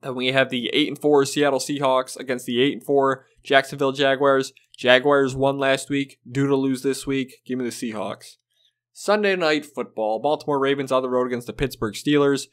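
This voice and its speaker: A man's voice: medium pitch, steady tone, moderate pace. A man hosting his own video of football game predictions, talking casually and bluntly, swearing and sounding fed up. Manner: blunt, profane, exasperated. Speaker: sports video host.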